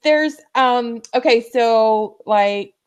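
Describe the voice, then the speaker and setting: A woman on a video call heaping warm encouragement on another participant, effusive and upbeat. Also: on the high side, drawn-out words, clear, resonant tone. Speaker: supportive chat participant. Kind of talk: casual video group chat.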